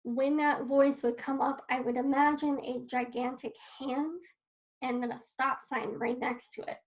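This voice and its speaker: A woman's voice: sits high, fairly even intonation, a little slow, rough recording. A woman wellness coach talking earnestly to camera from her desk at home, encouraging and a little emotional. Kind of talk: casual talk to camera. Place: home desk in a sunny room.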